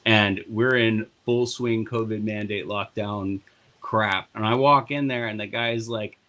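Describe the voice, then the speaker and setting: A man, a party board member, telling a long story on a podcast in a casual, animated and profane way. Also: fairly low pitch, unhurried.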